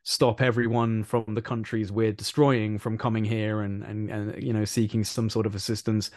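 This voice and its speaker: A British man from England, chatting on a podcast in an animated, rambling way and repeating phrases for emphasis. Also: on the low side, moderate pace, no room sound, studio quality. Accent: British English. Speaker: podcast co-host. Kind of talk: casual political chat.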